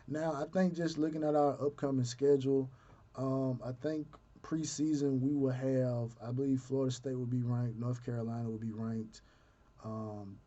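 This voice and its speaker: A man's voice: mid-range voice, mellow. A man giving casual solo sports commentary, talking his thoughts through with fillers and restarts. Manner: conversational, thinks aloud with fillers and restarts. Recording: dull lo-fi sound.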